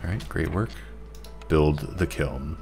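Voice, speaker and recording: A man with a very low voice talks his way through a strategy game, half to himself, dry and self-mocking. Faint game music and clacking keys sit under his voice at a home desk setup. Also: takes it slowly, a little mellow. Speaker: gameplay commentator. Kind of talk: casual let's-play commentary.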